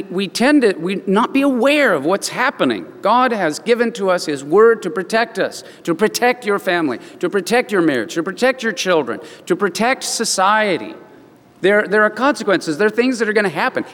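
His voice high-pitched and followed by a long reverb tail, a man preaches as a pastor, weaving stories into the sermon. He performs the quoted lines, giving each person in his stories their own voice.

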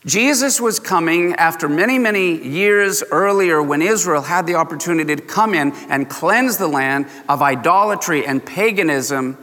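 A man preaching a sermon as pastor, emphatic, slowing down to stress key words and chuckling often. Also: on the high side, animated, pushed and bright. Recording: long church reverb.

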